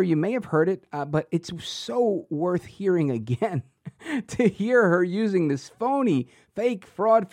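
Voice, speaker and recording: A man's voice: high voice, darkish tone, no echo, studio quality. A man hosting a political commentary show, talking in a sarcastic, punchy monologue full of rhetorical questions. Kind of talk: opinionated monologue.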